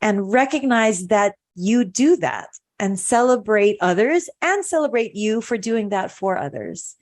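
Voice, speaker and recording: A woman's voice: mid-range voice, expressive, measured pace. A woman hosting a podcast, talking in an earnest, reflective way and repeating phrases for emphasis. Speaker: podcast host. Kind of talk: casual podcast conversation.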